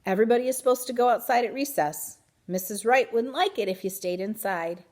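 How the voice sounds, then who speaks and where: A woman voicing a kind, calm schoolteacher with a gentle, cheery manner in a storybook read-aloud. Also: on the high side, brisk, pitched above the performer's own voice, natural voice.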